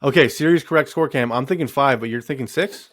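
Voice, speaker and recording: Man from Canada, rapid talker, blunt betting picks, mid-pitched voice, dry sound. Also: no echo. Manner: blunt, rattles off odds and picks. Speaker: co-host of a sports betting podcast. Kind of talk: casual sports chat.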